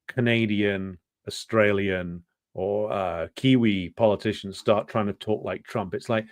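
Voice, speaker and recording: A man with a fairly low voice delivers an off-the-cuff political commentary monologue. He is sardonic and scornful and drops in profanity. His speech is full of fillers and restarts, and it is recorded dry with no room echo. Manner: loose, unscripted delivery with many fillers.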